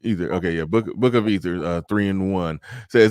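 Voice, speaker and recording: A man with a low, easygoing voice hosts a casual livestream and reads viewer messages aloud between his own remarks. He talks in a relaxed, loose way. The sound is dry and close to the mic. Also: fairly quick, few pauses, dry recording. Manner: relaxed, reads out super chats. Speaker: livestream host.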